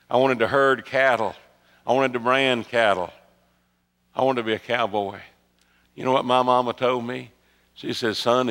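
A man preaching a sermon, telling a story that swings from loud emphatic peaks to soft hushed asides. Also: mid-range voice. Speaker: pastor. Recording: long hall reverb.

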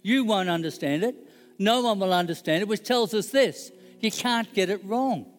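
A man's voice: high voice, animated, normal speed, big-room sound. A middle-aged man preaching a sermon in a conversational, joking way and checking in with his audience. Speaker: pastor.

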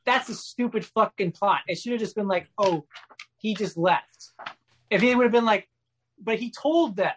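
A man's voice: high-pitched, expressive, moderate pace, a bit bright, slight background noise. A man ranting in casual podcast chat, profane and exasperated, often restarting his sentences. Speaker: podcast co-host or guest.

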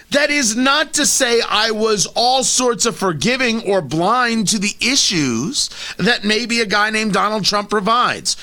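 A male talk host delivers opinionated political commentary in a high, bright voice. His pitch swings widely as he drives his points home through repetition, breaking into his arguments with sarcastic asides.

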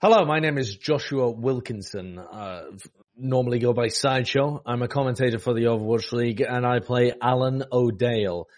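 A man's voice: mid-range voice, moderate pace, a little mellow. Guy joking about his tabletop character, chill and wry. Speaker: player. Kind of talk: casual chat.

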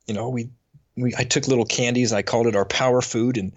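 A middle-aged man on a faith podcast, telling a personal story in an earnest, halting way and getting choked up. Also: medium pitch, steady tone, dry recording, highs cut off. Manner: earnest, halting, with frequent restarts. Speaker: podcast co-host.

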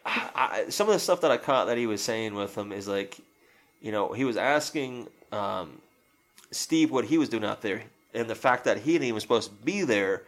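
A man's voice: lowish voice, lively intonation, normal speed. A man in casual chat, retelling a film scene by scene through quoted lines, with a rambling, profane way of talking.

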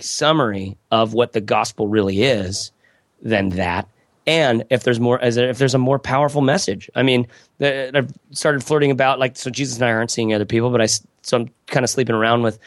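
A middle-aged man in a loose podcast conversation, circling his thoughts and restarting sentences mid-stream. His voice is of ordinary pitch, recorded close and dry with no room sound. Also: dry recording. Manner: rambling, self-interrupting, frequent restarts. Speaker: podcast guest. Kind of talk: casual conversation.

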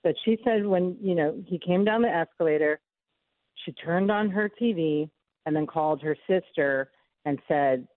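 A woman's voice: fairly low pitch, normal speed, dry recording. Woman on a tinny phone line. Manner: earnest, emotional storytelling. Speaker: guest. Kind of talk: phone interview.

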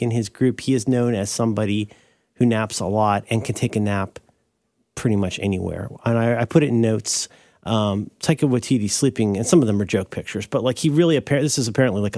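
A man's voice: no room sound, studio quality. A man co-hosting a podcast in casual chat, rambling and correcting himself as he explains an idea. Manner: rambling, self-correcting, animated pitch jumps. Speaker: podcast co-host.

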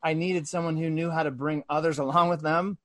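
Guy telling a work story, kinda high voice, earnest, restarts a lot, dead dry sound. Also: fairly even intonation, a little fast, no room sound. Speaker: sales executive guest. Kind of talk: storytelling in a podcast conversation.

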